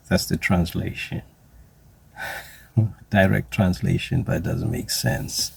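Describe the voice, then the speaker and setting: A man giving a deliberate spoken commentary that slides into drawn-out mocking asides. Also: low voice, steady tone, gravelly, breathy edge. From South Africa. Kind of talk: spoken social commentary monologue.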